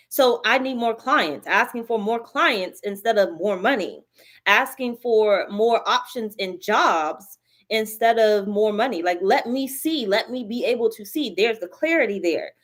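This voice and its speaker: A woman leads a live tarot reading. She talks bluntly and curses often. She drives each point home by saying it again and again. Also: a little high. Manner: blunt, profane, repeats herself emphatically. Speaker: tarot reader.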